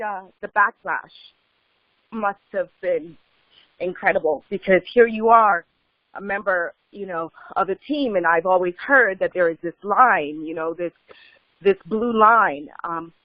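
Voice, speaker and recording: A woman hosting a remote interview, asking questions in a hesitant way with many pauses and fillers. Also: mid-range voice, dry recording. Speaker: host. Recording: dull lo-fi call audio.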